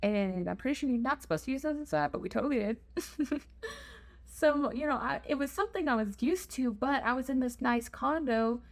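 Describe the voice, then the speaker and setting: Young woman, storytime vlog, slightly high voice, chatty and self-deprecating. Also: brisk. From United States. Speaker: travel vlogger.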